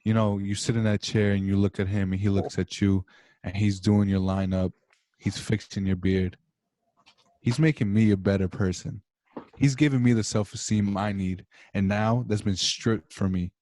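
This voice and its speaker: A man's voice: fairly low pitch, steady tone, moderate pace, mellow, no echo. A young man and podcast host on a video call, going on an impassioned, rambling monologue full of swearing. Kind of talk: casual chat over video call.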